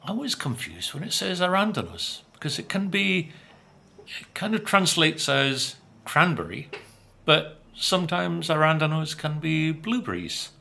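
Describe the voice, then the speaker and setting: A man's voice: on the high side, big pitch swings, unhurried, gravelly, pushed and bright. An older man, chatting casually while tasting biscuits, musing with plenty of fillers and speaking with his mouth full at times. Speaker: vlogger. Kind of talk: casual food review.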